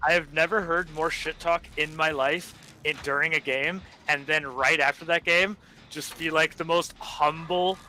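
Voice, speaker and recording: A young man in his twenties tells gaming stories in a loose, rambling way, full of fillers and cursing. His voice sits a little high and sounds bright and sharp, and he keeps slipping into laughter. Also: steady tone, a little hiss or hum, rough recording. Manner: rambling, heavy with fillers and swearing; quick bursts of laughter while storytelling. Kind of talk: casual gaming chat.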